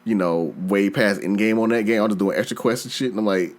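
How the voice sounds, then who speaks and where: A man's voice: lowish voice, brisk. A man hosting a podcast, chatting casually and acting out his own reactions as he tells gaming stories. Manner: animated storyteller, acts out his own reactions. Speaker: podcast host.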